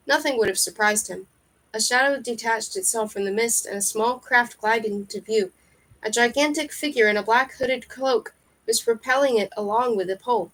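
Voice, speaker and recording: A woman reading a fantasy novel aloud in steady storybook narration. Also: fairly high pitch, moderate pace, rough recording. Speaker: reader.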